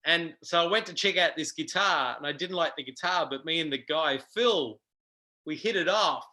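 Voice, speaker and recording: A middle-aged Australian man telling stories as a guest in a casual interview, animated and full of ums. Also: on the high side, normal speed, low-quality recording. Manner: animated, acts out quoted voices, frequent ums. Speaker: guest guitarist.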